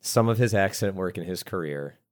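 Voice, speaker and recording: A man's voice: sits low, animated, fairly quick. A man co-hosting a casual movie podcast, talking earnestly and enthusiastically and laughing along. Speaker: podcast co-host. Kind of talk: casual movie review chat.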